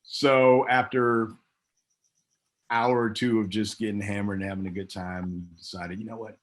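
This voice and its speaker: A man with a fairly low voice tells a long backstage story in a relaxed interview. He is middle-aged and animated. He jumps high in pitch whenever he acts out what someone else said. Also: normal speed. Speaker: guest, former pro wrestler.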